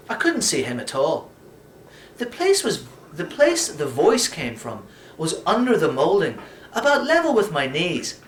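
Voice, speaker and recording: Brief: male reader, wry first-person story, pitch leaping all over, roomy echo. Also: a bit bright, slight background noise. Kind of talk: storytelling narration.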